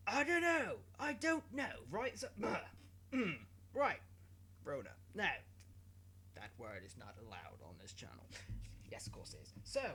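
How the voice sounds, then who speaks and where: Young male vlogger, giggly and self-mocking, animated sing-song delivery. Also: sits high, a little hiss or hum. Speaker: YouTube host. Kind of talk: comic news vlog, rambling monologue.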